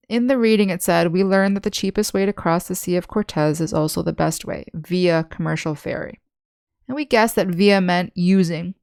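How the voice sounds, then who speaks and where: Patient, gravelly-voiced woman teaching English. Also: lowish voice, a little mellow, dry recording, clean studio sound. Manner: patient, explains slowly with examples. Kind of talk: online language lesson.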